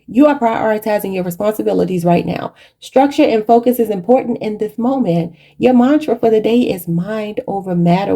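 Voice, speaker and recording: A woman with a mellow, slightly husky voice gives a channeled tarot reading. She talks in a preachy, spiritual way and keeps turning to her viewers as "y'all". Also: medium pitch. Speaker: tarot reader.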